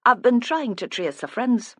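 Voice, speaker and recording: An audiobook narrator voicing a blunt, middle-aged woman police inspector who talks directly and deliberately. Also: mid-range voice, sing-song, no echo, clean studio sound, pitched above the performer's own voice. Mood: coaxing.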